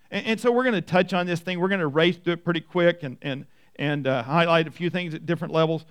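A man preaching a sermon as pastor, conversational, restarting and repeating words, brisk but slowing down for emphasis. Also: a little high, fairly bright tone, clean tone.

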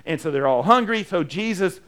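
Male pastor, conversational sermon, somewhat high voice, acts out the quotes, repeats himself. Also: animated, brisk, a bit bright. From United States.

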